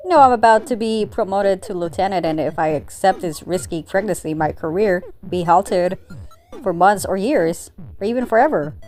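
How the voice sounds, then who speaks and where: A woman's voice: mid-range voice, lively intonation, normal speed, a little mellow, soft background music, natural voice. A woman reading the lines of an earnest young female bunny police officer in a comic, with an emotional, pleading delivery.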